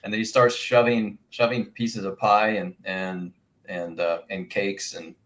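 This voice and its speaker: Halting, low-voiced male game master. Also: level tone, a bit bright. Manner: rambling, halting, many restarts. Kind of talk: narrating a tabletop game.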